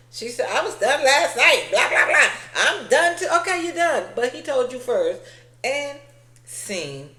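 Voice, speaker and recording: A woman's voice: mid-range voice, roomy sound, low-quality recording. A woman giving a blunt, sassy, casual recap of a reality TV episode, acting out the quoted lines as she goes. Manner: sassy, blunt, retells scenes with quoted voices.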